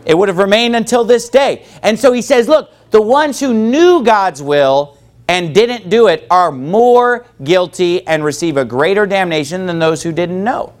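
A man with a high voice preaches a sermon as a pastor, quoting scripture and asking his congregation questions. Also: a little slow. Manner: preaching with call-and-response from the congregation.

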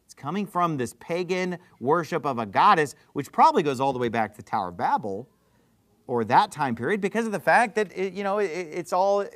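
A man preaching a sermon, full of rhetorical questions and sarcastic jabs. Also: high voice. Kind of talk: fiery street-preacher sermon.

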